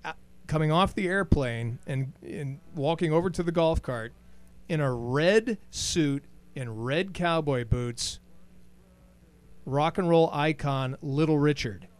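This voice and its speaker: A man co-hosting a casual chat, telling stories in an animated way and acting out his own starstruck reactions. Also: fairly high pitch, slow pace. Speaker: radio show co-host.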